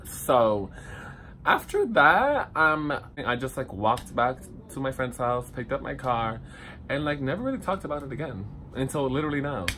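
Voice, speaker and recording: A young man telling a personal story to his phone camera in a lively, dramatic, chatty way, swinging up high for the funny parts. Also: normal speed, a little hiss or hum. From Dominican heritage. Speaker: vlogger. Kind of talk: casual storytelling vlog.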